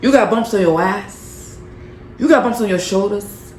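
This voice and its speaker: A woman's voice: mid-range voice, a little slow, darkish tone, echoey room, slight background noise, close to an everyday voice. A woman putting on the voice of an angry female boss, scolding and mocking an employee with profanity.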